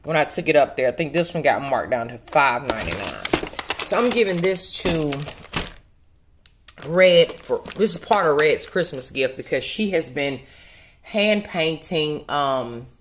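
A woman's voice: low-pitched, lively intonation, a little slow, noisy background. A woman, chatting casually to her viewers at home, rambling and a little out of breath. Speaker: vlogger. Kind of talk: casual chat to camera. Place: home, at a table.

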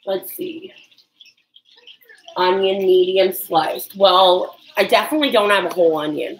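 A woman's voice: mid-range voice, a little slow, slight background noise, rough recording. A woman chatting casually on a livestream while she cooks in her home kitchen, nervous and self-deprecating, with sudden yelps. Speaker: livestream cooking host.

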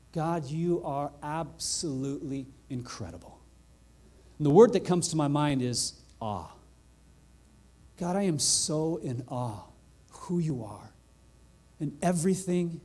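A male pastor preaching a sermon in a church, earnest and heartfelt, building to excited emphasis. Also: mid-range voice, breathy edge. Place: church sanctuary.

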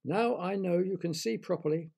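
A man's voice: sits high, normal speed, gravelly, darkish tone, slightly rough, voice pushed up, heavily acted. A man voicing a mysterious, playful voice in a tent that quizzes two children, with grand, teasing questions.

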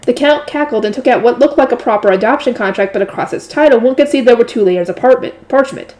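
Lady reading a light novel out loud, kinda high voice, steady. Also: quick pace, hardly any pauses. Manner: plain steady reading with asides. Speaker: audiobook reader.

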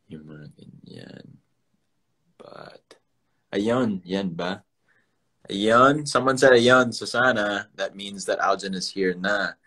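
Young man, low-voiced, casual phone-stream host, chatty, code-switching. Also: fairly bright tone. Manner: switches between English and Filipino, chatty with viewers. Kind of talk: casual chat.

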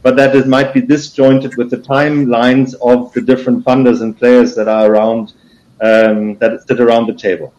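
A man speaking as a panelist in an online discussion, halting, with many restarts. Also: medium pitch, flat delivery, darkish tone, lo-fi sound.

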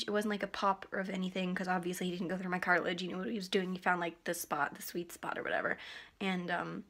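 A teenage girl vlogging in casual chat, rambling and giggling with lots of likes and ums, keeping her face still as she talks. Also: mid-range voice. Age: teens.

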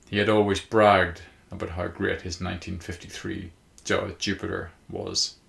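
A man narrating a short story in a measured, even storytelling manner. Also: low voice, vocal fry. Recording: roomy echo.

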